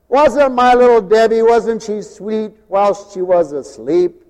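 A man preaching a sermon in an animated way, swinging from loud bursts to low mumbles. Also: slow pace, smooth, big-room sound.

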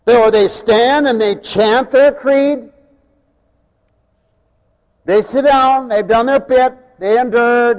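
Animated high-voiced preacher in a reverberant hall. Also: male voice, slow pace, long pauses. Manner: animated, mocking, wide swings in loudness. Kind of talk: sermon.

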